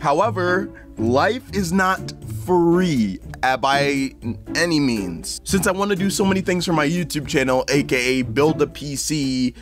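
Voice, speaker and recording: Teen male YouTuber, goofy and jokey, slightly high voice, background music. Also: measured pace. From Connecticut, USA. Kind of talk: casual vlog reading comments. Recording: music playing underneath.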